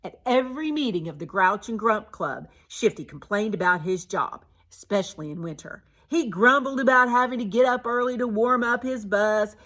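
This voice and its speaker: A woman reading a children's picture book aloud, expressive and animated. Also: medium pitch, normal speed, few pauses. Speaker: storybook reader.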